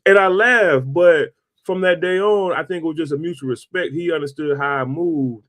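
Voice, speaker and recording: A man's voice: fairly high pitch, moderate pace, fairly bright tone. Man in his forties, podcast host, casual storytelling, slangy, says bro a lot. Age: 40s. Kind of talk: casual interview conversation.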